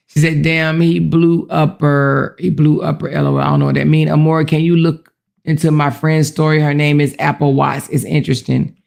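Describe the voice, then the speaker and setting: A woman's voice: sits low, flat delivery, moderate pace, gravelly, a little mellow. A woman hosting a casual livestream commentary, chatty, laughing often and reading comments aloud. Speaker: commentary host.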